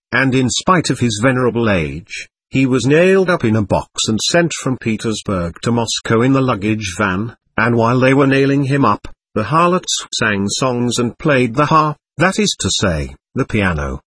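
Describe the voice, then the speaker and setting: A man voicing a scheming, shameless old buffoon who taunts everyone, in a lively, husky storybook reading. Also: mid-range voice, dry recording. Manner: impudent, taunting.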